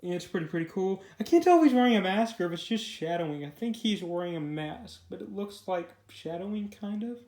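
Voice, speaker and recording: A man's voice: sits high, expressive, brisk, hardly any pauses, darkish tone. A young man casually reviewing a comic book, rambling with lots of fillers and repeated words. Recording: echoey room.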